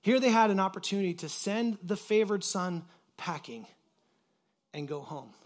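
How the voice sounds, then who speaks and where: A man gives a loose, chatty sermon in a fairly high voice. He drops in lots of fillers and slips into voices for the people in the story. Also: moderate pace. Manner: casual and animated, acting out quoted voices; uses many fillers like "like". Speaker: pastor. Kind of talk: conversational sermon.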